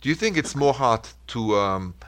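A man with a French accent and a mid-range, expressive, slightly bright voice speaks at normal speed. He hosts a call-in radio relationship advice show, earnest and reassuring, coaching in short phrases.

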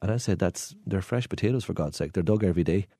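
A man's voice: deep voice, fast, warm tone, no echo, studio quality. Joking Irish man with Donegal accent. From Ireland, Donegal. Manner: jokey, anecdotal. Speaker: guest, tour guide. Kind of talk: casual chat, storytelling.

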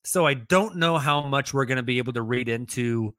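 A man's voice: medium pitch, no room sound. Chatty man on a dry mic. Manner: chatty, animated, quick asides. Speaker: podcast co-host. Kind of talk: casual sports chat.

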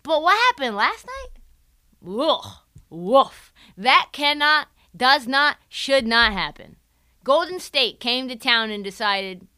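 A high, bright woman's voice swinging all over the place as she rants through casual sports commentary. She swears freely and jokes as she goes. The sound is clean, crisp and dry, with no room in it. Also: slow, no echo. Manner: animated, profane, jokey, acts out quotes. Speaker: podcast host.

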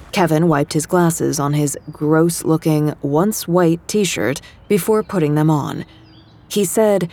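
A young woman narrating a first-person novel in a wry, lively way. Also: sits low, creaky. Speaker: audiobook narrator.

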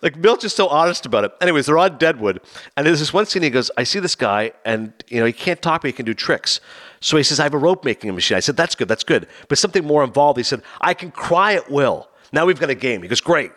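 A man talks quickly on a casual podcast, his pitch swinging widely as he spins one story after another. He keeps slipping into quick impressions of the people he describes. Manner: animated storyteller, acts out quoted people. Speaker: podcast co-host. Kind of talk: casual chat, retelling anecdotes.

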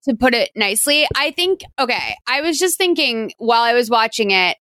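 A woman's voice: a little high, big pitch swings, brisk, fairly bright tone, dry recording. A woman hosting a podcast, chatting casually and animatedly, laughing often. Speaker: podcast host. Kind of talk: casual chat.

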